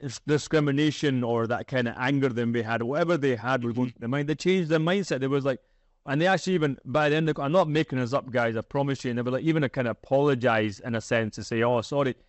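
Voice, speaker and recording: A man's voice: mid-range voice, fast talker, no echo. Broad Scottish man telling a story. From Scotland. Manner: chatty, laughs while telling stories. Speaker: guest. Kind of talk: casual storytelling.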